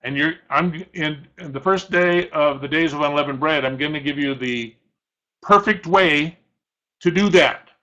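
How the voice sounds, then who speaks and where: Middle-aged guy preaching, kinda high voice, punchy and bright, drags out the bible verses for effect. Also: dull audio. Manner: emphatic, slows to stress scripture, throat-clearing. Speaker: pastor. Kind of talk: sermon.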